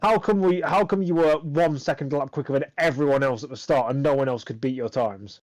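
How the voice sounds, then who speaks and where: A man's voice: a little high, brisk, a little mellow, no echo, poor audio. A man doing live commentary and interviews for a sim racing league, dry and sarcastic, rambling with fillers.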